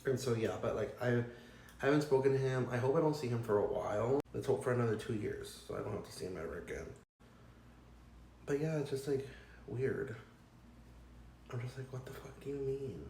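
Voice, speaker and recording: A man's voice: mid-range voice, expressive, fairly quick, creaky, pauses often, darkish tone, a little hiss or hum. A young man telling a storytime rant, exasperated and profane, rambling with lots of fillers. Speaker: vlogger. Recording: echoey room.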